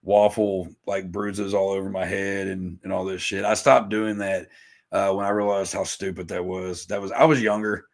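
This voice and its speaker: Guy in his 30s, kinda low voice, rambling and cussing, laughs at himself. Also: little pitch movement, normal speed. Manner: rambling, profane, self-mocking. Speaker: podcast guest, musician. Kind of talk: casual podcast chat.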